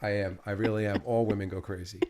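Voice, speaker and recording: A man's voice: lowish voice, level tone, quick pace, darkish tone. A middle-aged man in an intimate casual chat with his partner, rambling and repeating words, often emotional. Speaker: host interviewing his partner.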